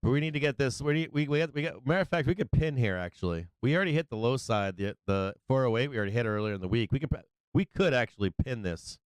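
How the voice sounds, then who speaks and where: A man hosting a live stock market stream, giving brash, excitable trader banter as prices move. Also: mid-range voice, fast, smooth, no room sound. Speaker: stock market livestream host.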